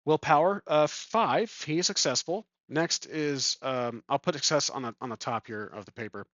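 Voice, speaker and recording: A man's voice: mid-range voice, normal speed, fairly bright tone, dry recording. A man playing a tabletop game alone, making it up as he goes and thinking aloud with many ums. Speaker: solo tabletop game player. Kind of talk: improvised game narration. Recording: dull lo-fi sound.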